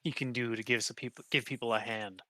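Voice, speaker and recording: A man's voice: mid-range voice, steady tone, quick pace, pushed and bright, dry recording. A man running a tabletop game as game master, narrating in a rambling way with many restarts. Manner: rambling, restarts with 'he just goes'.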